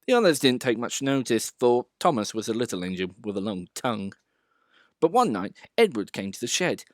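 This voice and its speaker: A man reading a children's storybook aloud as the narrator, in an expressive way. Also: medium pitch, normal speed, dry recording, studio quality.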